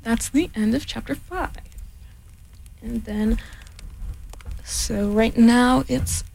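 Calm woman reading a storybook slowly. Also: fairly high pitch, creaky, a little hiss or hum, low-quality recording. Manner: calm, unhurried, chatty asides. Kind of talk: soft-spoken storybook reading. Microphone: headphones worn.

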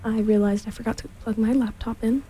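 Breathy woman reading a storybook. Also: on the high side, steady tone, a little fast, dark tone, low-quality recording. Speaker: storybook reader. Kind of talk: reading a children's book aloud.

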